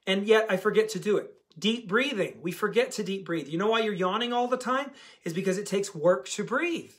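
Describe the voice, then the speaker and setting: A man's voice: high-pitched, lively intonation, a little fast, hardly any pauses, a bit bright. A man coaching a diet program community in a casual, emphatic talk to camera, repeating key words for stress.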